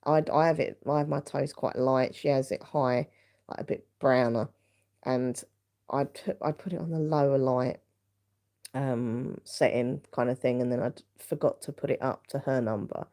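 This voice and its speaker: A woman rambling through a casual chat on her live stream. Her voice sits low with a gravelly fry running through it. The tone is mellow and dark. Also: fairly even intonation, normal speed. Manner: rambling, chatty storytelling with many fillers. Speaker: vlogger hosting a live stream.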